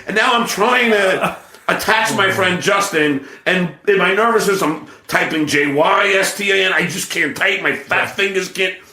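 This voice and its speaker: A man's voice: high-pitched, normal speed, echoey room. A man, a comedian hosting a podcast, telling a story in casual chat with lots of stammered restarts. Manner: animated, stammering, restarts a lot.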